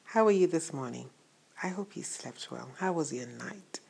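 A woman's voice: sits low, expressive, normal speed, vocal fry, darkish tone, husky. A woman preaching a morning sermon in a conversational way, full of rhetorical questions. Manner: conversational, asks rhetorical questions, laughs at times.

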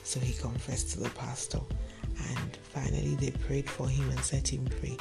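Speaking directly to his listeners, a man tells a cautionary tale and draws an earnest lesson from it in a moral storytelling monologue. His creaky mid-range voice barely moves in pitch and keeps a moderate pace, with music playing underneath.

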